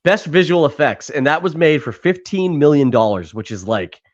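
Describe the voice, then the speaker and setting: Casual New podcast host, talkative, a bit higher-pitched, lo-fi recording. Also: male voice, big pitch swings, normal speed. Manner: rambling, laughs often, swears casually. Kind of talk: casual chat. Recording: dull lo-fi sound.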